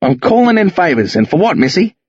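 A man doing a hoarse, furious country sergeant. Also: fairly high pitch, animated, moderate pace, no echo, lo-fi sound. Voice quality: hoarse, barking. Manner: berating, threatening, voice rising steadily. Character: gruff hungover middle-aged male country police sergeant.

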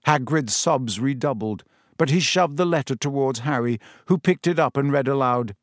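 A man's voice: mid-range voice, moderate pace, dry recording. Man narrating a storybook, dry close sound. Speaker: audiobook narrator.

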